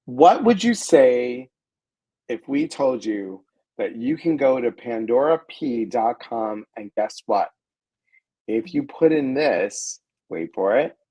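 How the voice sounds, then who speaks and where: Playful, animated man chatting on a live stream. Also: mid-range voice, takes it slowly, breathy edge, poor audio. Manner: playful, animated, reads viewer comments aloud. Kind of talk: casual live-stream chat.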